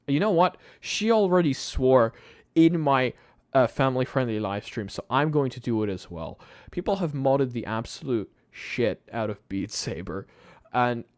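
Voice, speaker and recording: A tired man hosts a late-night live stream on his YouTube channel, chatting to viewers in a rambling way with frequent laughs and restarts. His voice is mid-range and the recording is dry.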